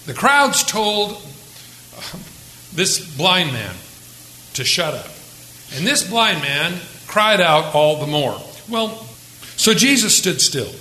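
A man's voice: on the high side, sharp tone, reverberant, slight background noise, rough recording. A man preaching a conversational sermon to his congregation, rising for dramatic quotes. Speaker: pastor.

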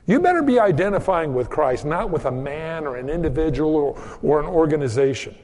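A man preaching a sermon in a relaxed, conversational way, telling homespun stories about kids and doing quick voices for the people in them. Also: on the high side, in a large hall. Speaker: pastor.

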